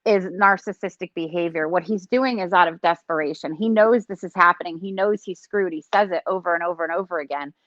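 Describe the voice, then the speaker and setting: A woman's voice: lowish voice, brisk, few pauses, a bit bright, no room sound. Emphatic woman panelist on dull, dry audio. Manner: emphatic and insistent. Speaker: podcast panelist. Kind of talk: casual chat.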